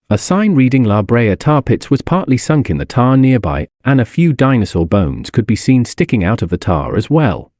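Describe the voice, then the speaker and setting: A man narrating a fantasy audiobook in a wry, expressive storytelling manner. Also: medium pitch.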